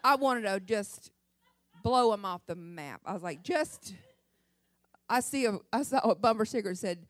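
A middle-aged woman gives a sermon testimony at church, telling her story dramatically and emphatically. Her voice is medium-pitched and a bit bright, with lively intonation, a moderate pace and a dry recording.

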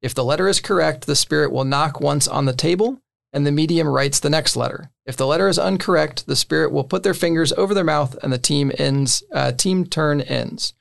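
A man with a slightly raised, gravelly voice walks friends through a board game's rules. He talks casually and loosely, with lots of "uh" and "like" and the odd chuckle between points. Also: a little high, brisk. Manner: relaxed, filler-heavy, laughs between points. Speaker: game rules explainer.

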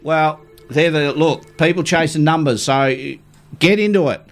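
A man's voice: a little high, a little slow. An Australian man hosting a radio fishing show, chatting casually in jokey, matey banter.

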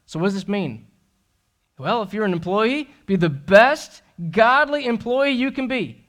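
Earnest male pastor, high voice, preaching in church. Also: expressive, a little slow, a bit bright. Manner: earnest, self-deprecating storytelling. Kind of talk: sermon. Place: church sanctuary.

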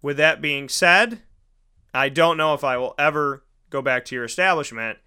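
A young male host tells rambling stories in a casual, chatty way, slipping into little impressions of the people he meets. His voice sits a bit high for a man and comes across sharp and bright. Every word is clean and smooth. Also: normal speed. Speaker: podcast host. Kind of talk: casual storytelling monologue.

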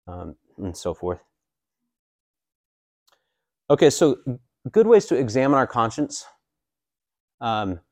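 Man in his forties, priest, casual teaching, joking asides, average pitch, dry sound. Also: a little mellow, no echo. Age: 40s. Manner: casual and joking, with many fillers. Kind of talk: teaching a catechism class.

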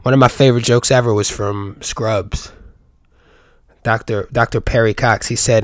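A young New York man hosts his own podcast in a casual solo monologue, rambling through profane, jokey riffs packed with rhetorical questions. His voice sits at a medium pitch with fairly even intonation and a moderate pace. The sound is clean studio audio with no echo.

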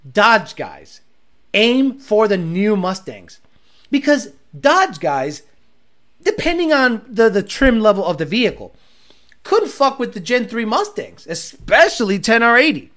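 Animated, profane livestream host, male. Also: high voice. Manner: crude, rambling, profane banter. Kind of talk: casual live-stream chat.

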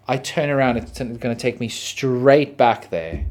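An Australian man hosting a podcast, telling a story in a casual, animated, profane way. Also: medium pitch, unhurried, few pauses. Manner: animated, profane, dramatic retelling. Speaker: podcast host.

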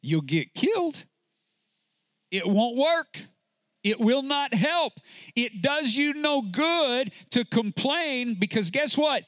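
A male preacher delivers an emphatic sermon in a high voice that swings widely up and down. He takes his time, drawing out words for weight and firing rhetorical questions at the congregation. The sound is dry and close. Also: very animated, slow, a bit bright, no echo.

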